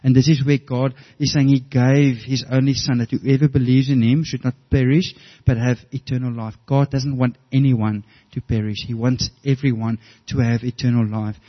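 Brief: middle-aged pastor, mid-pitched, earnest, storytelling sermon with restarts, muffled lo-fi audio. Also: male voice, little pitch movement, moderate pace, few pauses.

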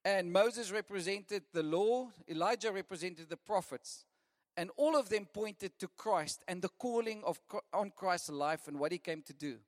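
A man preaching a lively sermon, often laughing and repeating lists for emphasis. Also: sits high, moderate pace. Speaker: pastor. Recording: long reverb of a church hall.

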